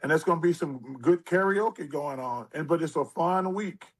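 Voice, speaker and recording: An older man in his sixties telling stories as a guest in an interview. His voice sits slightly higher than most men's. He tells them with animated delivery and acts out other people's lines. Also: moderate pace, poor audio. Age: 60s. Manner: animated storyteller who acts out quotes. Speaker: interview guest, former basketball player. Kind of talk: storytelling interview.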